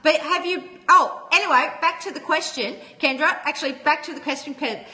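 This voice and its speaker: Woman, livestream host, casual chat, high voice, long reverb. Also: a little fast, bright, forceful tone. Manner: chatty, laughs often, greets viewers by name. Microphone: phone.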